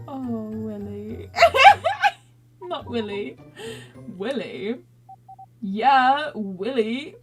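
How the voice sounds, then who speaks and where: A giggly young woman streamer chats casually through a story game, often laughing at herself. Her pitch is high and very lively, and she talks slowly. Faint music sits under her voice. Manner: giggly, self-mocking, reads game text aloud. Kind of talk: casual gaming commentary.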